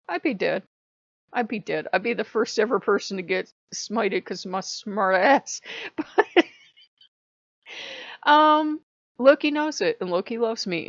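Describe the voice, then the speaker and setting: A woman's voice: medium pitch, no room sound, lo-fi sound. A woman hosting her own vlog, talking casually and laughing often as she animatedly retells conversations. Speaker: channel host. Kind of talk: casual spiritual vlog talk.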